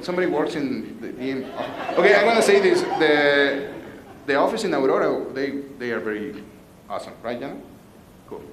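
A man's voice: sits high, roomy sound, noisy background. A man preaching a sermon, playful and joking with his congregation. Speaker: pastor. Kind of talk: sermon with jokes.

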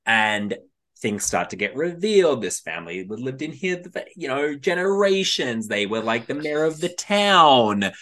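A man co-hosting a casual podcast, telling a story in an animated way, acting out quotes and laughing often. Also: mid-range voice, measured pace. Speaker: podcast co-host.

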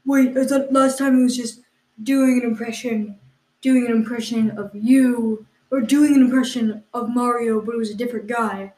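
A woman co-hosting an improvised comedy podcast, her voice sitting a little high. She questions her partner in mock exasperation, padding her lines with ums and uhs. The room around her is echoey. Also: fairly even intonation, normal speed, mellow. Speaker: podcast co-host.

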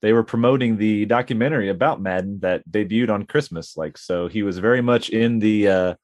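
A man's voice: lowish voice, a little fast, no echo. A man co-hosting a casual podcast, adding dry, joking asides. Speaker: podcast co-host.

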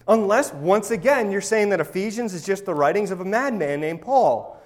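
A man's voice: high voice, animated, fairly quick, hardly any pauses. A pastor preaching a sermon to his congregation, emphatic and now and then sarcastic.

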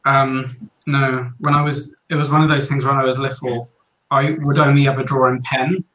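A man speaks haltingly, filling pauses with ums and poking fun at his own mistakes. The room around him rings with echo, and his pitch stays mid-range. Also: little pitch movement, fairly bright tone. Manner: hesitant, self-deprecating, many ums. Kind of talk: casual chat.

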